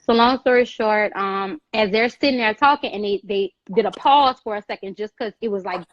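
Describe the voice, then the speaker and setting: A woman's voice: mid-range voice, brisk, highs cut off. A woman, a guest on a talk show, telling a personal story in casual talk and acting out other people's voices as she goes. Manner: animated, acts out other people's voices in quotes.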